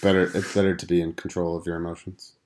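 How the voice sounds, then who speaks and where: A man in his thirties speaks calmly and matter-of-factly as a podcast co-host. His voice is very low. He talks in a casual, conversational way. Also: fast talker. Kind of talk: casual chat.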